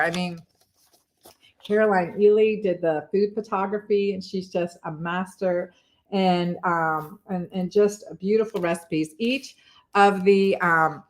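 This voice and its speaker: A woman's voice: lowish voice, pushed and bright. A woman doctor hosting a casual live stream, answering viewers' comments in a chatty way, with plenty of fillers and repeated words. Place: home in Texas.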